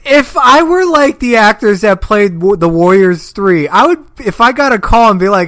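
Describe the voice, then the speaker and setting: A man's voice: high voice, lively intonation, normal speed, few pauses, a bit bright. A man co-hosting a casual podcast chat, laid-back and chuckling as he talks. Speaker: podcast co-host. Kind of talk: casual chat over a phone call.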